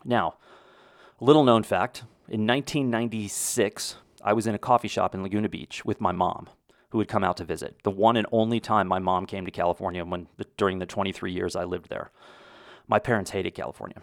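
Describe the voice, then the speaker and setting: Middle-aged American man, podcast host, low voice, dry close mic, rambling casual talk. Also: fairly even intonation, brisk, no echo. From United States. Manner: conversational, rambling with restarts. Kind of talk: casual monologue.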